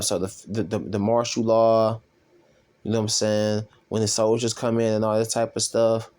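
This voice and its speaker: A man casually reading and commenting on scripture as a self-styled preacher, rambling and profane, with drawn-out fillers. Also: on the low side, a little mellow.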